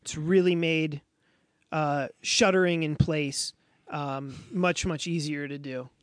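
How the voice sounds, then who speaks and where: Brief: high-pitched man, loose podcast chatter, close dry mic. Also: fairly even intonation, slow pace, smooth, dry recording. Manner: rambling, lots of fillers. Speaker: podcast co-host. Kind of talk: casual chat.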